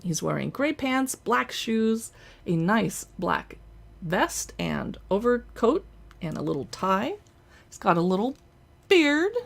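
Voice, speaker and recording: Indoors at home in front of a backdrop, a woman hosts a casual show-and-tell, chatting playfully as she handles books, toys and collectibles. Her voice is a little high, with vocal fry.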